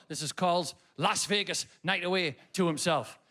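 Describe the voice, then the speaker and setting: A man in his thirties with a Geordie accent, performing a stand-up comedy set in a theatre, storytelling with swearing and shouted punchlines. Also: high-pitched, lively intonation, brisk, few pauses. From North East England. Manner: swearing, storytelling, sing-song nursery rhyme bits, rising to shouted punchlines. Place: large theatre stage before a live audience. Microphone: stage microphone.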